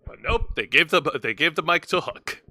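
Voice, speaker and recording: A man hosting a wrestling podcast speaks in a bright, somewhat high voice, recorded close and dry. He explains events casually, tripping over words and restarting sentences. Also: animated, normal speed, no room sound. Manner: explanatory, stumbling restarts, laughing at partner. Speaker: podcast host. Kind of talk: casual wrestling review chat.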